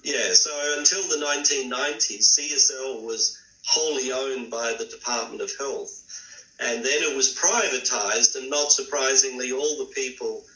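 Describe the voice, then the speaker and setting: A man with a bright, forceful tone explains his point in an interview. He starts hesitantly and stumbles over repeated words. The sound is roomy and comes from some distance away from the microphone. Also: medium pitch, normal speed. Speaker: interview guest.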